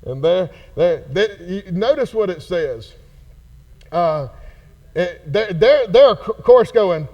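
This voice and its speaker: Animated high-voiced pastor. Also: male voice, slow pace, highs cut off. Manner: folksy, animated, acts out characters. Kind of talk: casual Bible study teaching. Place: church hall.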